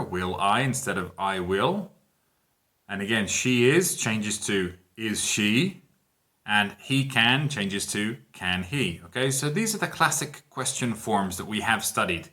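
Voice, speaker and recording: A man teaching a grammar lesson, speaking example sentences clearly and emphatically and counting down to the answers. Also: medium pitch, bright, forceful tone. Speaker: English teacher.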